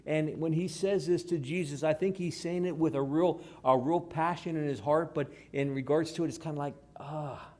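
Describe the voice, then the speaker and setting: A man preaching a sermon, moving between hushed, slow passages and raised, emphatic ones. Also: a little high, fairly even intonation. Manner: dramatic shifts between hushed and raised delivery. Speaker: pastor.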